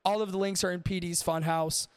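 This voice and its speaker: A man's voice: high-pitched, fairly even intonation, brisk, clean tone, no echo, clean studio sound. A man hosting a podcast in casual, rambling chat, swearing freely and talking to his live chat. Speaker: podcast host.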